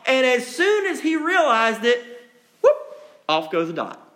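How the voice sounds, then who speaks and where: A man's voice: very high voice, wildly swooping pitch, measured pace, pauses often, a bit bright, echoey room. A male preacher, giving a conversational sermon full of rhetorical questions. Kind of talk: sermon with storybook reading.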